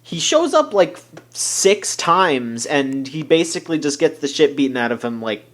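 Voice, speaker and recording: Halting, rambling male podcast host. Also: on the high side, very animated, fairly bright tone. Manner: rambling, halting restarts, swears casually. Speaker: podcast host reading listener questions. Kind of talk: casual chat.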